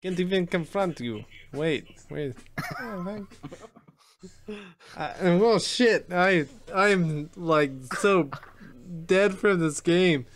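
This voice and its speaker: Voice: mid-range voice, expressive, takes it slowly. A streamer playing a visual novel, laughing often and swearing at the game. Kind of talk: let's-play chat and reading game lines.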